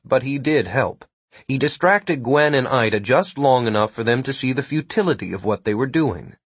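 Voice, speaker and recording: A man reading a fantasy story aloud in a measured, even storytelling manner. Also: medium pitch, breathy edge, no echo. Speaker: audiobook narrator. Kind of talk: scripted narration.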